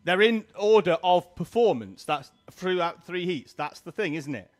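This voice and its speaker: A man's voice: high-pitched, lively intonation, normal speed, soft background music. A man from Yorkshire with a Yorkshire accent, giving chatty, joking live commentary on a kart race. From Yorkshire, England.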